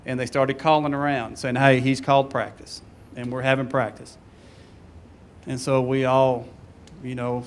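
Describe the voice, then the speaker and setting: A man telling an animated story about his old team and laughing along with it. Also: medium pitch. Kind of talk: storytelling at a reunion panel.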